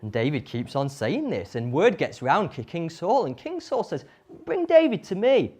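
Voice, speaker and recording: A woman tells a Bible story to children with animated energy and frequent questions to her listeners. Her pitch moves widely and expressively. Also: moderate pace, breathy edge. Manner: animated, asks the audience questions.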